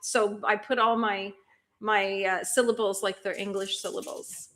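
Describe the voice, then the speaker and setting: A woman's voice: medium pitch, level tone, a little slow, a bit bright. A woman hosting a cozy productivity livestream, chatting casually and answering viewer comments with lots of questions and frequent laughter. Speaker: livestream host.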